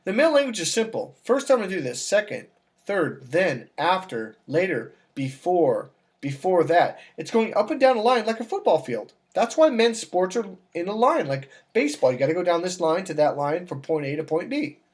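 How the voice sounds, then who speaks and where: A man working as a dating coach, talking casually to camera and telling stories with acted-out dialogue. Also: normal speed. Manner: animated storytelling, acts out dialogue with raised pitch.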